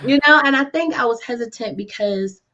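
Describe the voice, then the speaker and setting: A woman radio host telling her story in a casual interview, animated and acting out what people said. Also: fairly high pitch, fairly quick. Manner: animated, acts out quoted dialogue. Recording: dull lo-fi audio.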